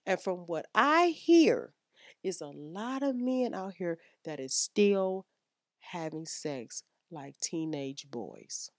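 A woman's voice: lowish voice, sing-song, slow, no echo, studio quality. A woman hosting a frank sex-advice podcast, blunt and slangy as she lectures her listeners. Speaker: podcast host.

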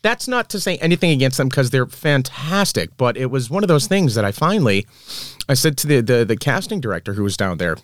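A man's voice: medium pitch, sing-song, fairly quick, no room sound, clean studio sound. A man, an animation artist, in casual chat, rambling and joking at his own expense, with some swearing. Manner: rambling, self-deprecating, profane storytelling.

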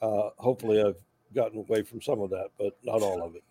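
A man's voice: lowish voice, fast talker, husky. An older man from South Carolina with a slight Southern accent, telling his story in a casual interview with wry humor. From Charleston, South Carolina. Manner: warm, wry, self-deprecating humor. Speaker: guest, veteran.

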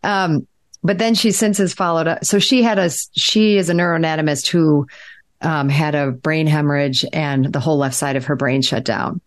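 A woman's voice: low-pitched, fairly even intonation, moderate pace. A woman in a podcast conversation, telling a long story in a rambling way, full of fillers and restarts.

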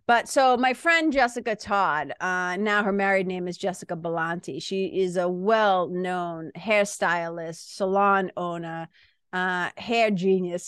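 A woman's voice: fairly low pitch, fairly bright tone, clear, resonant tone, no echo, clean studio sound. A woman from Massachusetts with a Boston accent, hosting a podcast in a candid, rambling casual monologue with some swearing. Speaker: podcast host.

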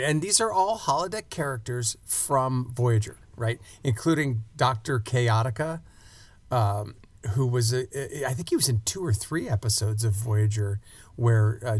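A man's voice: medium pitch, normal speed, a little mellow, dry recording. A man co-hosting a podcast, recapping an episode with enthusiasm and acting out quotes in casual chat. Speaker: podcast co-host.

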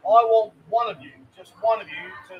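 Fast, chatty man hosting. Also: sits high, muffled recording, a crowd in the background. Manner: jokey, chatty, teasing. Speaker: host. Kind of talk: casual live-stream chat. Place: bar.

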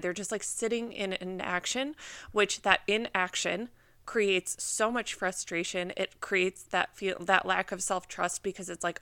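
A woman's voice: mid-range voice, steady tone, a little slow, pushed and bright, clean tone, no echo. A young woman hosting a podcast, giving casual advice in a chatty way full of "like" and acted-out worried thoughts. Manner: chatty, uses many "like"s, acts out anxious inner thoughts. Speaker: podcast host and business mentor.

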